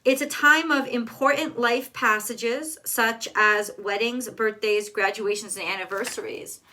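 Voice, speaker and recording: A woman's voice: a little high, unhurried, pushed and bright. Blunt woman reading tarot cards. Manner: blunt and emphatic, swears freely. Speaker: tarot reader. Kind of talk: casual tarot card reading.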